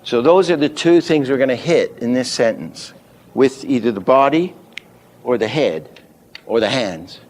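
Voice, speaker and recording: Older male animation tutor, mid-pitched, slow delivery, demonstrates readings as he explains. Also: animated, darkish tone. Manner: unhurried, thinks aloud, demonstrates line readings. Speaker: animation teacher. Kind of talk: teaching lecture.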